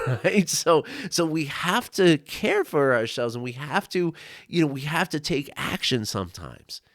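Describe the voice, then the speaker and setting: A male life coach telling a personal story to camera, earnest and reflective, with frequent "you know" and "right?" asides and soft laughs. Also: on the high side, big pitch swings, unhurried, dry recording, studio quality. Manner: laughs often between thoughts. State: tearful at times.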